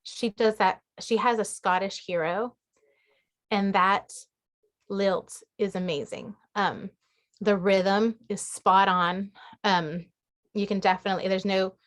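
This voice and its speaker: A woman's voice: mid-range voice, fairly even intonation, slow pace. A woman author answering questions in a casual group chat on a video call, talking with many fillers and restarts. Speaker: guest author. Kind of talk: casual online group talk.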